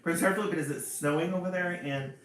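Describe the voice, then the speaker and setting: This livestream host has a voice on the high side, slightly bright and a little fast. He runs a casual stream, greeting viewers by name in an upbeat tone that rises sharply on hello, with faint background music and roomy echo.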